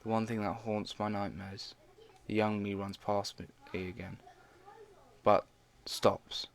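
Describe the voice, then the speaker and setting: A man's voice: on the low side, little pitch movement, takes it slowly, pauses often. A man casually reading fan fiction aloud, stumbling now and then and dropping in his own side comments.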